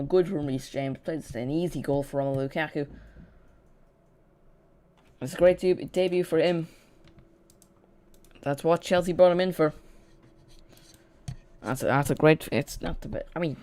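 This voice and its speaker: A host talks through a live football match for viewers following along, in a loose, unscripted flow. The voice sits at an ordinary middle pitch, and sentences often restart midway. Dry, sarcastic asides land between the match talk. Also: moderate pace, long pauses, darkish tone. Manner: chatty, self-correcting, dry sarcasm.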